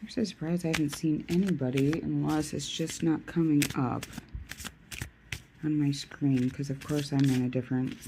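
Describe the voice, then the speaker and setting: A woman's voice: low voice, steady tone, normal speed, background noise. A tired woman chatting casually with viewers while shuffling tarot cards, joking at her own expense and talking to herself. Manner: chatty and self-deprecating, talks to viewers and herself. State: tired, yawning. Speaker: tarot reader streaming live. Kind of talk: casual live-stream chat.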